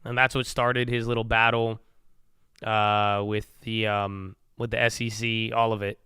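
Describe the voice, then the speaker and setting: A young man talks loosely about trades in a rambling, slang-heavy way, tossing in "bro" and "man." His voice is bright and very crisp, and it sits close to the mic in a dry space. He sounds like a regular streamer chatting through his session. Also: on the low side, little pitch movement, measured pace, no room sound. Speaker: stock trading livestreamer. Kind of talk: casual trading chat.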